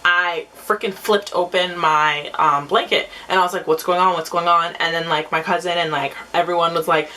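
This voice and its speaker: A young woman vlogger telling a story casually, chatty and animated. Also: moderate pace, few pauses, low-quality recording. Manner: chatty, animated, acts out quotes in a high voice. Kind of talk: casual storytime while doing makeup.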